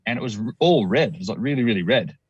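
Australian man, husky low voice, dry dull recording, rambling storyteller. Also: lively intonation, quick pace, dry recording. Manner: rambling, with many restarts and acted-out quotes. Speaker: guest. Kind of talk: telling a personal story in conversation.

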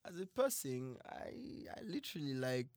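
A man in a casual chat who teases his partner and swears offhandedly, often dropping to a soft mumble. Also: on the high side, lively intonation, normal speed, dry recording, studio quality.

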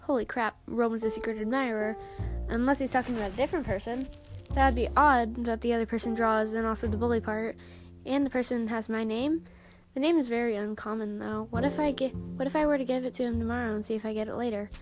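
Young woman, fairly high voice, flat quiet reading, near tears, music behind. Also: fast talker. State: close to tears. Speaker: fanfiction reader. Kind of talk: reading a fan story aloud.

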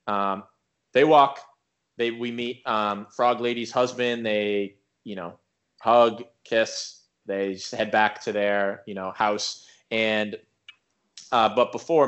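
A man co-hosting a casual podcast, recapping an episode in a rambling, animated way with lots of filler words. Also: on the low side. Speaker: podcast co-host.

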